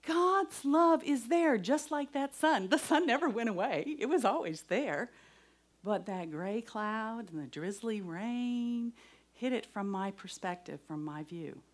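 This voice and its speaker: A woman's voice: on the high side, lively intonation, a little slow. Earnest woman giving a devotional talk. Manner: earnest, shifts from loud to whispered. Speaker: speaker giving a testimony. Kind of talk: devotional talk with personal story.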